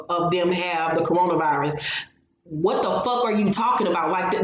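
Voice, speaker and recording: A woman hosting a casual gossip commentary, ranting loudly with heavy profanity. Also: medium pitch. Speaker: gossip channel host. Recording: echoey room with faint noise.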